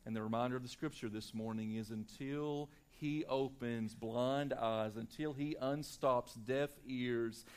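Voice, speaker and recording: A male pastor preaching a sermon to his church, swinging between loud, emphatic lines and hushed, quiet ones. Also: fairly high pitch, clean tone. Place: church sanctuary.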